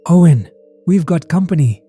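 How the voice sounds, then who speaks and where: A man voicing a frightened woman researcher with a trembling, shrill voice. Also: expressive, unhurried, warm tone, slightly rough, soft background music. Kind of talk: horror narration.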